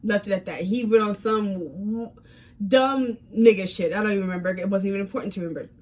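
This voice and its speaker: A woman in her twenties telling a casual storytime vlog, animated, with many fillers and repeated words, swinging from calm to heated. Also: mid-range voice, quick pace, a little hiss or hum. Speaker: fitness vlogger.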